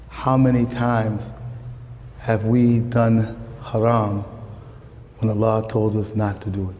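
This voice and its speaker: An American man giving a lively, slangy sermon in a mosque, jumping from calm talk to shouts. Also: fairly low pitch, slow, long pauses, long reverb tail, slight background noise, low-quality recording. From United States. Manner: animated, slangy street talk, rises to shouts. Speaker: guest preacher. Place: mosque prayer hall.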